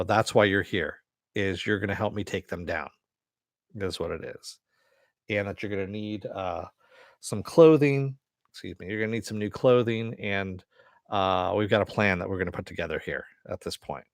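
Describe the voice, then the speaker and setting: A man's voice: fairly low pitch, dry recording, clean studio sound. A man casually retelling a TV episode in a rambling way, full of fillers. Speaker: TV show reviewer.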